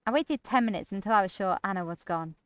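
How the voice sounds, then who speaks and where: A woman's voice: mid-range voice, expressive, quick pace, clean tone, no echo, natural voice. A woman reading the part of a troubled young man with lost memories, hesitant and uneasy as she narrates in his first person. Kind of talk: reading a visual novel aloud.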